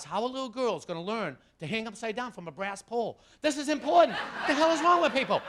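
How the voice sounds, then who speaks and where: A man with a Boston accent doing a stand-up comedy routine, telling stories animatedly, acting out the people in them and shouting the punchlines. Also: high voice. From Boston area, USA. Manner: animated storytelling, acts out quoted voices, shouting punchlines.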